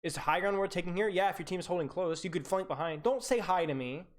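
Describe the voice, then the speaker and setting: A man's voice: high-pitched, fast talker. A young man coaching a team over a live stream, reviewing their gameplay with blunt, teasing critique and lots of casual fillers. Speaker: game coach.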